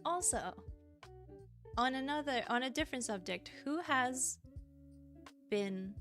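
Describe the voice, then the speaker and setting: A woman's voice: sits high, expressive, unhurried, fairly bright tone, soft background music. Bubbly, giggly woman streamer chatting. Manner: bubbly and giggly, thanking chat and rambling. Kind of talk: casual livestream chat.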